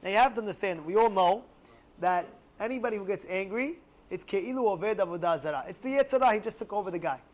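A young man with a high voice teaches a religious lesson to a class, speaking fast. He tells stories animatedly, acts out angry outbursts, and often poses rhetorical questions to his listeners.

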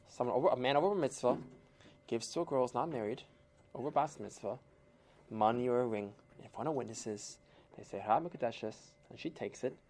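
A woman storyteller with a low voice that swings widely in pitch as she narrates. She tells the tale expressively, dropping in Yiddish and Hebrew terms and acting out the characters. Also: mellow. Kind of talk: animated storytelling.

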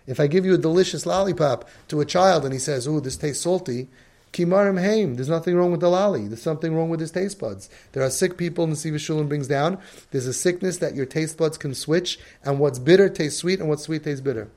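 A man's voice: on the high side, fast talker, darkish tone. A man giving a religious lecture as a parenting coach, emphatic and acting out the voices he quotes.

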